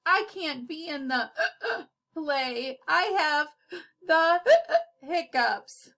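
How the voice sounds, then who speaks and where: A woman's voice: high voice, lively intonation, very slow, bright, forceful tone, voice pushed up, exaggerated voice. A woman doing a frantic hiccuping townsman. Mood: upset whimpering. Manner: gasping, whimpering, panicky. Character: anxious townsman with hiccups, male adult.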